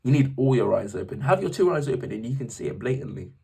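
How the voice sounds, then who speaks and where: Fast and gravelly with a breathy edge, his mid-range voice is caught by a distant mic. This young English vlogger rambles lively about faith to the camera, constantly interrupting and restarting himself.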